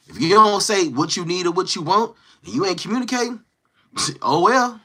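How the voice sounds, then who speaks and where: A man hosting a casual livestream, talking to his chat in a slangy, animated way and acting out quoted lines. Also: high-pitched, normal speed. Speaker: livestream host. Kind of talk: casual livestream chat, reading viewer comments.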